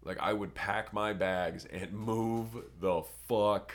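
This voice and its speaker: A man's voice: fairly low pitch, fairly even intonation, slow pace. A young man on a podcast, rambling through a crude story in casual chat. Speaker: podcast co-host.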